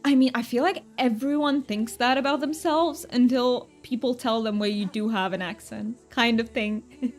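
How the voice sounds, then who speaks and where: A woman's voice: on the high side, normal speed. A woman streamer chatting casually while gaming, reading her chat aloud, answering viewers and laughing often.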